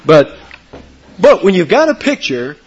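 A man preaching a sermon, with sudden high, loud emphasis on key words and a husky voice. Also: sing-song, measured pace, highs cut off. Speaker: pastor.

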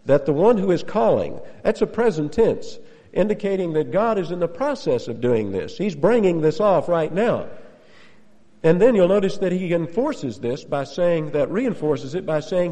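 A man preaching an expository sermon in a church, his mellow, slightly raised voice ringing with the long reverb of a large hall. He is emphatic, repeats his key phrases and lets out the odd chuckle. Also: a little high, big pitch swings, moderate pace.

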